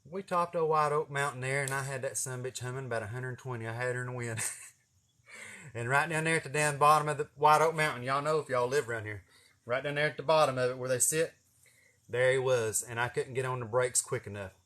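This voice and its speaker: A man's voice: mid-range voice, a little fast, pushed and bright. A man in his forties with an East Tennessee accent, telling a rambling, profane, folksy story on his vlog. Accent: Southern US, East Tennessee. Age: 40s. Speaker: vlogger. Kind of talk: casual storytelling.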